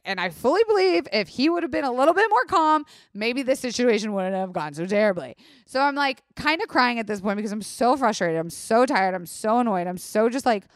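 A young woman hosting a podcast, telling a story in a casual, profane, animated way and acting out the people she quotes. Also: a little high, moderate pace, no room sound, studio quality. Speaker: podcast host.

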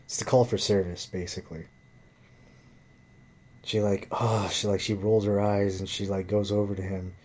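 A man with a fairly low, mellow voice tells a rambling story in a loose, casual way. He swears constantly and fills his sentences with "like" and "you know." It is relaxed, unscripted vlog talk. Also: moderate pace, pauses often. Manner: profane, rambling, lots of fillers.

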